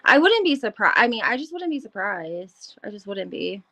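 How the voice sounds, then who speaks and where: A woman's voice: mid-range voice, very animated, moderate pace, pushed and bright. A woman hosting a casual podcast chat, an encouraging listener who turns hesitant when she explains. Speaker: podcast host.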